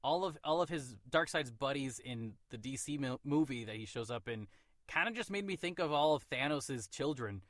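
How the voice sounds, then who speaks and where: A man hosting a casual movie review podcast, animated and quick to float theories. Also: mid-range voice, no room sound, studio quality. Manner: animated, theorizing, laughs often. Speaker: podcast host.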